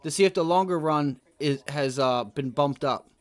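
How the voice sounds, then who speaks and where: A man hosting a live day trading stream, giving loose, slangy market commentary that swells into loud rants. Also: fairly high pitch, moderate pace. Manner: casual slangy talk that rises to loud rants. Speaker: day trading livestream host.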